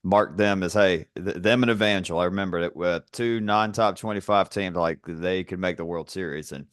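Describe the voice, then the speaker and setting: A man's voice: low-pitched, moderate pace, no room sound, studio quality. A man hosting a casual interview, asking friendly, rambling questions. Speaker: interview host.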